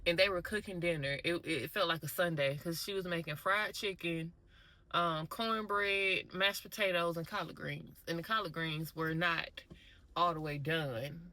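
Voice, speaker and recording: A woman vlogger casually telling a story straight to her viewers, animated and conversational. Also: on the low side, normal speed, low-quality recording.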